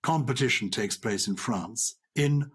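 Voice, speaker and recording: A man's voice: mid-range voice, a little fast, breathy edge. A man co-hosting a podcast in casual chat, playfully telling jokes. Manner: playful, tells jokes, animated. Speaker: podcast co-host.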